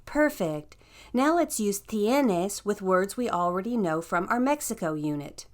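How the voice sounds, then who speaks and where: A woman's voice: mid-range voice, expressive, a little slow. A woman narrating a scripted language lesson in an upbeat, encouraging way. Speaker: language teacher.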